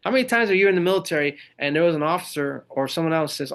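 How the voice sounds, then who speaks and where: A man's voice: a little high, fast talker, hardly any pauses. A middle-aged man, a guest on a podcast, talking casually about leadership and acting out the people in his stories. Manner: animated storytelling, acts out quoted people. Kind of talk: casual interview talk.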